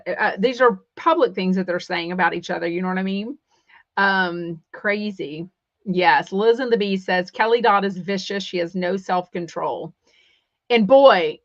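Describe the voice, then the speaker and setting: A woman's voice: mid-range voice, a bit bright, no echo, dull audio. A woman from Texas with a Texan accent, hosting a casual celebrity gossip podcast, chatty and opinionated, reading live comments aloud. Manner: chatty and opinionated, many fillers and quoted asides. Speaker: podcast host.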